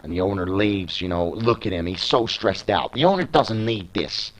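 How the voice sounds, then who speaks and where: Excitable young male wrestling commentator. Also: fairly low pitch, low-quality recording. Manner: shouts in disbelief, indignant; informal, talks fast at big moments.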